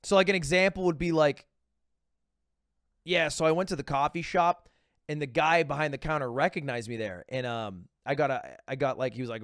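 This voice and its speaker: A man's voice: on the high side, animated, normal speed, pauses often, fairly bright tone, no echo, studio quality. A man streaming from home who chats casually and rambles while joking, trailing off with little filler noises. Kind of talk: casual chat reacting to videos.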